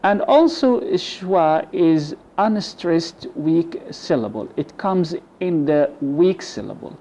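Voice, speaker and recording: A man's voice: expressive, warm tone. A man with an Egyptian accent teaching English pronunciation, carefully modelling words and letting his voice drop at the ends of phrases. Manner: slow, deliberate model words, drops low at phrase ends. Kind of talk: bilingual pronunciation lesson. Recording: dull lo-fi recording with faint noise.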